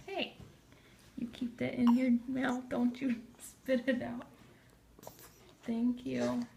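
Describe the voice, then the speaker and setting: A woman's voice: fairly high pitch, monotone, takes it slowly, creaky, warm tone, slight background noise. A young woman at home feeding her baby, chatting to him in a playful, sing-song way on a home video. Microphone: camera filming nearby.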